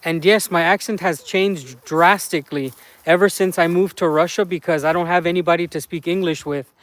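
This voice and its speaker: A man's voice: fairly high pitch, fairly even intonation, moderate pace, no echo. A man chatting casually on a live stream outdoors in a garden, rambling with many fillers and greeting viewers.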